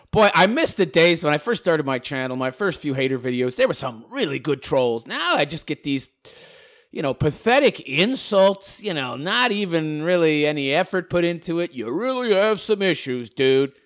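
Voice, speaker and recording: A man's voice: a little high, expressive, normal speed, a bit bright. A man, a YouTuber, reading out hostile comments and replying in a sarcastic, combative, mocking rant. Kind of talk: casual ranting monologue.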